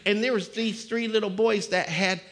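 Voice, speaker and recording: A male pastor preaching a sermon, swinging between conversational talk and sudden shouts. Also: high-pitched, steady tone, normal speed. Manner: fiery, shouting bursts between conversational stretches. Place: church. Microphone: live-streamed service mic.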